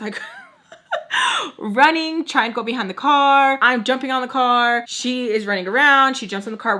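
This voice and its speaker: A young woman telling a storytime in a casual, slangy, animated way, acting out the quotes. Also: mid-range voice. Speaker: storytime vlogger.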